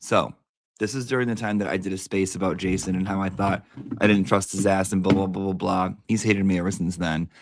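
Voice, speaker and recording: Male commentator, low voice, crude and rambling. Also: fairly even intonation, fairly quick, a little hiss or hum. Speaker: online commentator. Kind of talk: casual commentary.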